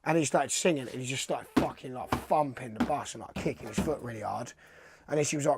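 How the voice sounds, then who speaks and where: Young male skater, mid-pitched, dry close sound, rambling and foul-mouthed storyteller. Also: lively intonation, fairly quick, a little mellow, husky, dry recording. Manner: swears freely, rambling anecdotes. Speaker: professional skateboarder. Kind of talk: casual storytelling interview.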